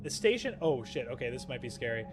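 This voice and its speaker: A young man livestreaming a game, chatting excitedly and swinging between loud outbursts and low muttering. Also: fast, music in the background. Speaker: streamer. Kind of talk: live gameplay commentary.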